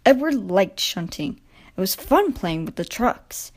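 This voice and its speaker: A woman reading a children's railway storybook aloud, gentle and expressive. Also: medium pitch, unhurried. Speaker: storybook narrator.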